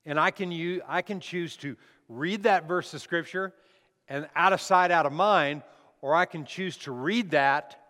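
A man's voice: a little high, sharp tone. A man preaching a conversational sermon as a pastor, often restarting his phrases. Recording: long hall reverb.

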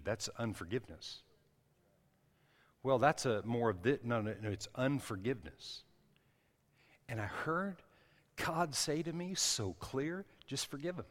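A man's voice: mid-range voice, long reverb tail. A man preaching a sermon, telling a personal story in a loose, conversational way with frequent restarts and asides. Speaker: pastor.

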